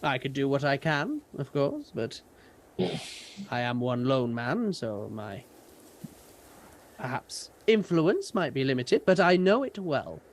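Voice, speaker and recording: A British man voicing a lone, calm and cryptic old male druid guide in a tabletop game, speaking in slow, measured phrases. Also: medium pitch.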